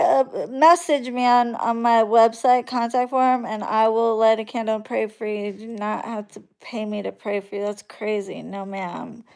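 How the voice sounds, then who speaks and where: A woman from Florida, a spiritual practitioner, tells her clients a story in a blunt, profane and animated way. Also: fairly high pitch, unhurried, vocal fry, clean tone. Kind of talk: casual storytelling monologue.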